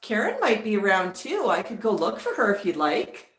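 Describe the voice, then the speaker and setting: A woman's voice: medium pitch, wildly swooping pitch, moderate pace, a bit bright. A woman hosting a pet vlog, cooing and chatting in sing-song baby talk to her parrot. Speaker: parrot owner and channel host. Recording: roomy, distant mic, faint music.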